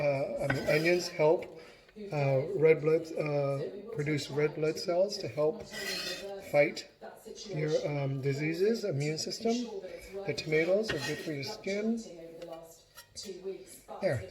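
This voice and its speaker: A man with a fairly high-pitched voice gives a casual cooking demonstration in his home kitchen. He chops as he talks, keeping a chatty, encouraging tone.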